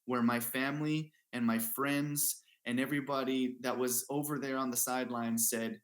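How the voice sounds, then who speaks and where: A man's voice: medium pitch, fairly even intonation, moderate pace. A man speaking as an interview guest, telling a personal story in an earnest, casual way with many fillers and restarts. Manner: earnest, repeats himself, lots of fillers. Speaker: guest athlete. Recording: roomy echo.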